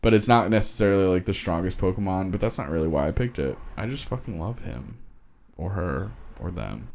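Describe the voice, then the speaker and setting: A man's voice: low-pitched, expressive, brisk, a little mellow. A man co-hosting a podcast, chatting casually and enthusiastically, laughing and swearing often. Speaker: podcast co-host. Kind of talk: casual chat.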